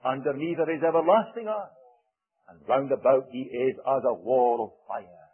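A man preaching a sermon in a solemn manner, quoting archaic scripture with dramatic pauses. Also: medium pitch, slightly rough. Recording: tinny phone-like recording.

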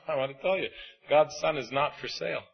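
A man preaching a sermon, emphatic and swinging between loud and hushed. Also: a little high, a little fast, vocal fry, husky, dull audio, faint music behind.

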